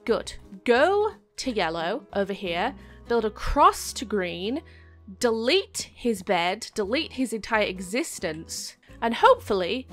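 A young woman talks through her gameplay in a bright, ringing voice that swoops up and down a lot. She is chatty and panicky and breaks into sudden shrieks. Faint music plays underneath. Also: mid-range voice. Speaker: gaming YouTuber. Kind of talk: live gameplay commentary.

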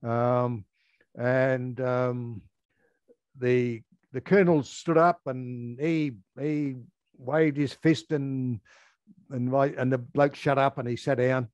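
An older Australian man, a former air force firefighter, telling a story in an interview, halting with many ums and restarts. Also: medium pitch, level tone, darkish tone, clean tone, dry recording, lo-fi sound.

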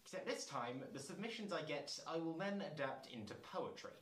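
A man's voice: on the high side, lively intonation, a little fast, a bit bright, roomy sound, poor audio. A man hosting his channel, reading fan fiction aloud with incredulous comments and asides. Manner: incredulous, breaks into laughter and asides.

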